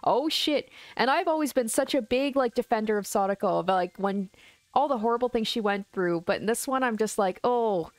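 A woman's voice: a little high, brisk, no room sound. A woman reading a visual novel aloud and reacting casually between passages, with exclamations and musing asides. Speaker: let's play host.

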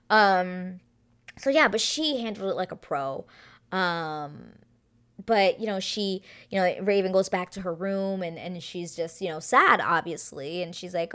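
Woman recapping a reality show, low-ish voice, chatty, gushing, filler-heavy delivery. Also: expressive, normal speed, a bit bright. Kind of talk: casual TV recap monologue.

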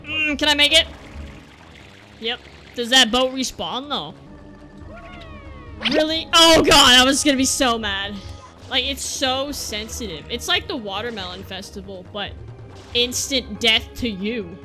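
A young woman commentating a platform game as a let's play host, exasperated and breaking into shouty outbursts, over game music. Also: a little high, a little slow, pauses often. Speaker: gaming channel host.

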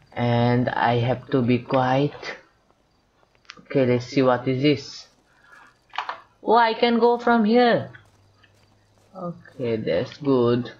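A gameplay commentator with a mid-range voice offers casual let's-play commentary, rambling and talking both to himself and to the on-screen characters. The audio is dull with slight background noise.

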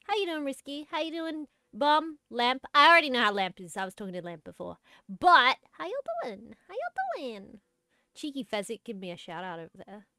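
Bubbly high-voiced woman streamer. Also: big pitch swings, bright, forceful tone, no echo, studio quality. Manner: bubbly, chatty, quick to apologize, giggly. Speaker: streamer and host. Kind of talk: casual livestream chat while gaming.

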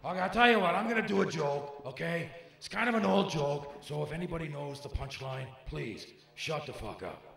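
A man's voice: fairly high pitch, expressive, brisk, few pauses. A man doing an Al Pacino impression, playing a brash, foul-mouthed stand-up comic who barks at hecklers in a live show. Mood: gruff joking. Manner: gravelly, barking at hecklers, swinging from mutters to shouts. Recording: echoey live club with crowd noise.

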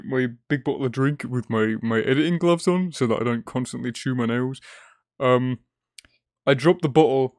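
A young man giving casual gameplay commentary, excitable and swearing often, chatting to his in-game animals. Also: medium pitch, dry recording. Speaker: gaming video creator. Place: home editing room.

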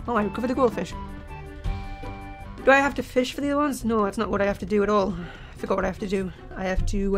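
A woman with a slightly high voice talks through a game she is playing, excitable and quick to shout and laugh at what happens on screen. She speaks close into a desk microphone at her computer. Faint game music plays underneath her voice. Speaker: let's play host. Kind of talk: gameplay commentary.

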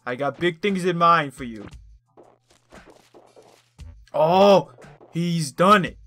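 A man's voice: a little high, lively intonation, slow pace, bright, forceful tone, faint music behind. A young man giving playful, hammy commentary while playing a life-sim game. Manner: playful, hammy trash talk. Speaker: let's play streamer. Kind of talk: gameplay commentary.

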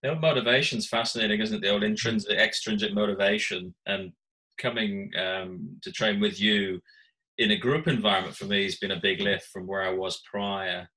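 A man's voice: on the low side, fairly even intonation, normal speed, pushed and bright, poor audio. A man interviewing a guest, asking long, chatty, rambling questions.

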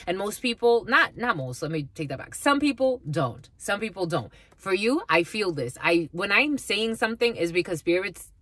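A woman talks straight to her viewers in an unscripted psychic reading, mid-pitched and plain. Her voice is close and dry, with no room sound. She is blunt and swears freely, often restarting her sentences. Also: pushed and bright, no echo. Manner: blunt and profane, calls viewers "my lovies"; rambling, with frequent restarts. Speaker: spiritual reader.

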